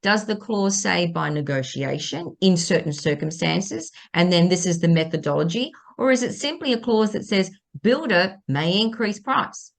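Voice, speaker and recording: On a legal advice podcast, a middle-aged woman who works as a property lawyer hammers home her main points, stressing them and repeating them. Her voice is lowish and gravelly, expressive, delivered at normal speed with hardly any pauses.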